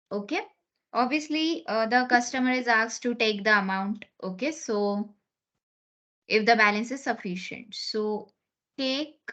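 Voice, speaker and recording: A woman whose voice sits on the high side, with a sharp tone, leads an online class, explaining each step and regularly checking in with "okay?". The sound comes from a computer mic on a video call, recorded as a lo-fi online meeting.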